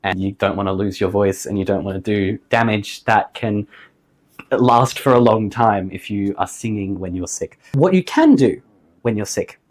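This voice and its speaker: A man giving a singing lesson to camera, upbeat and jokey, his voice slightly hoarse after the flu. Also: on the low side, moderate pace, darkish tone. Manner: upbeat, jokey, emphatic on key points. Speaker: singing teacher.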